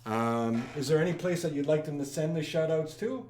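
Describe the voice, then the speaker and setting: A man hosting a live trivia stream, rattling off viewers' locations and shout-outs in an upbeat way. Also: on the high side, fairly quick, slight background noise. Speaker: trivia livestream host.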